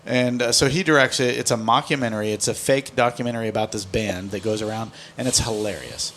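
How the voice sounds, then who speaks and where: A man's voice: mid-range voice, fast, a bit bright, slight background noise. Rambling man hosting a bourbon podcast. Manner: rambling, swearing, laughing often. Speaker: podcast host. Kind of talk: casual chat over bourbon tasting.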